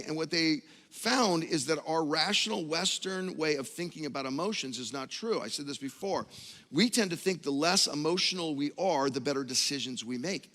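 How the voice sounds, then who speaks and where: A middle-aged man preaching a sermon and telling a story, shifting between hushed and loud, emphatic delivery. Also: on the high side. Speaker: pastor. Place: large church hall. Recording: long hall reverb.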